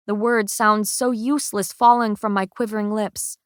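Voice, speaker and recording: A woman narrating a first-person audiobook in a measured, emotional way. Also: mid-range voice, steady tone, no room sound, studio quality.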